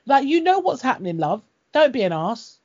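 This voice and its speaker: A woman's voice: high voice, very animated, a little fast, darkish tone. A woman in a casual chat, blunt and sweary, telling stories with laughs. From Britain. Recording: dull lo-fi audio.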